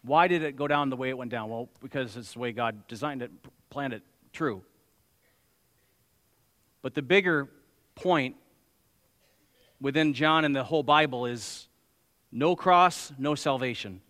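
A man preaching a sermon as pastor, emphatic, swinging between loud exclamations and quiet, slow asides. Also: medium pitch, in a large hall.

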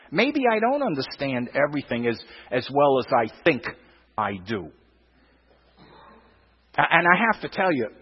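Emphatic preacher with a husky, lively voice. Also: male voice, high-pitched. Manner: emphatic, repeats words, rhetorical questions. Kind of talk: sermon. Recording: dull, lo-fi sound with long reverb.

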